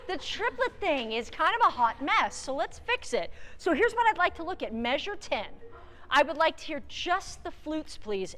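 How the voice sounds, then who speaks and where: A woman leading a high school wind band in a clinic rehearsal, giving direct, encouraging instructions and singing phrases to demonstrate. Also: a bit bright. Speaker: guest conductor. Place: large theatre stage. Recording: long hall reverb from a theatre.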